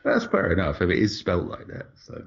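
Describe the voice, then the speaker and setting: A man's voice: sits low, wildly swooping pitch, fast, vocal fry, breathy edge, dull audio. A man with a British accent, from England, trading dry, wry remarks in casual podcast banter.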